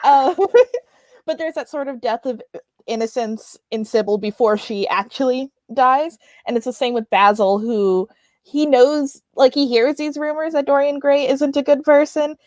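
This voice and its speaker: A woman's voice: measured pace, a little mellow, dry recording. A woman co-hosting a book club livestream, chatting wryly about the story. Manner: chatty, wry, drops into lower register. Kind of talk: casual book discussion.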